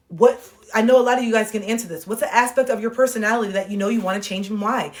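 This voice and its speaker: A woman with a somewhat high voice talks straight into her phone on a livestream. She is blunt and swears freely, and she acts out the voices of the people she quotes. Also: fast talker. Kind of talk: casual candid monologue. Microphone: phone mic.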